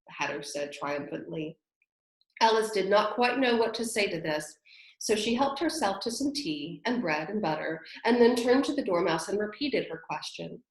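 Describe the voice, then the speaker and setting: A woman narrating a children's classic as a storybook reading, quiet and even. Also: fairly low pitch, moderate pace, vocal fry. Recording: roomy echo.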